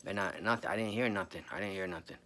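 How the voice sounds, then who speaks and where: A man's voice: sits low, quick pace, fairly bright tone. A man in his forties telling a spooky personal story in a rambling, profane, casual way, calling the listener bro.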